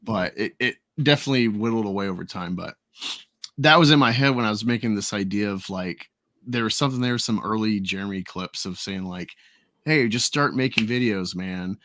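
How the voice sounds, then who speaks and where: A man's voice: lowish voice, brisk, a bit bright, dry recording, clean studio sound. A man hosting a casual chat, rambling and laughing often.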